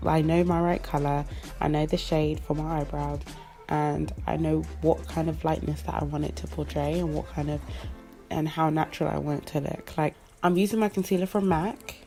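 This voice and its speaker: A young adult woman with a low, gravelly, warm voice chats casually through a makeup tutorial as a beauty vlogger. Indoors at home under studio lights, she jokes playfully and invents silly words along the way.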